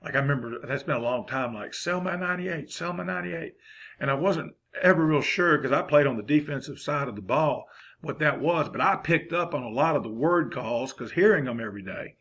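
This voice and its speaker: A man's voice: medium pitch, brisk, fairly bright tone, husky. A man, giving a folksy, rambling football coaching lesson.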